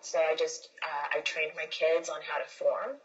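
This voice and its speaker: A woman's voice: low-pitched, level tone, normal speed, dull audio. A woman hosting a casual livestream, talking earnestly and emphatically, rambling with many restarts and repeated words. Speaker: livestream host.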